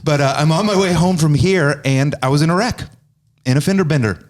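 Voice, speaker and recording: A man's voice: fairly high pitch, a little fast. Man telling stories on a podcast. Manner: storytelling, acts out quoted dialogue. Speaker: podcast host. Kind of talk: casual podcast chat. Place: office room.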